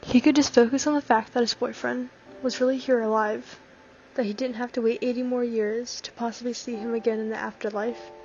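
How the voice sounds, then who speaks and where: A woman narrating a fanfiction story in a gentle, even reading. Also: on the high side, fairly quick, a little hiss or hum. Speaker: fanfiction reader. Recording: slightly dull lo-fi recording.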